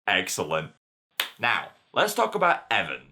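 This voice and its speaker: A man's voice: on the low side, huge pitch swings, unhurried, sharp tone, a little hiss or hum. A man narrating a comedic TV review, sardonic and profane, often poking fun at himself. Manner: sardonic, profane, self-mocking.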